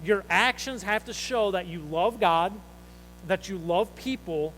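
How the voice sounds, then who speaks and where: A man's voice: high-pitched, measured pace, a bit bright, a little hiss or hum, poor audio. A man preaching a sermon in a conversational, storytelling way, asking the congregation questions. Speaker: pastor.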